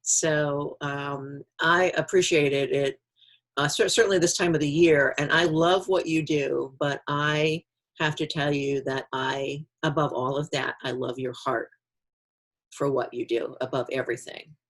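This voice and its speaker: A woman interviewing an author, speaking slowly and appreciatively and laughing along. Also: sits low, steady tone. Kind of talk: interview chat.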